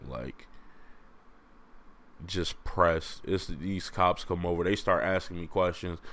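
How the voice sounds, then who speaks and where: Low-voiced young man telling a story. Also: takes it slowly, no echo. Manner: animated, slangy, laughing, with acted quotes. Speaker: podcast host. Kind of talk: casual storytelling monologue.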